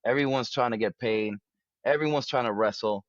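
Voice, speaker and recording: Halting man with a muffled, dry sound. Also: medium pitch, no echo. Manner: halting, many restarts and fillers. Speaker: wrestler, interview guest. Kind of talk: casual interview talk.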